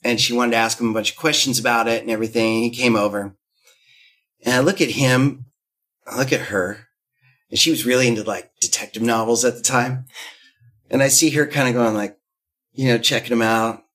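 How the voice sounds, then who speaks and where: A man's voice: medium pitch, steady tone, a little fast, long pauses, a bit bright. A man in his thirties tells a candid story as a guest, rambling along. He fills his talk with fillers and false starts and slips into little acted-out quotes. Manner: rambling, many fillers and restarts, acts out quotes.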